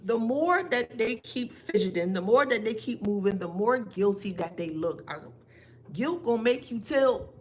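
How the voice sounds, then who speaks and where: A woman's voice: on the high side, expressive, normal speed. A woman giving a spiritual reading, taunting and emphatic, asking pointed rhetorical questions. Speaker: tarot reader.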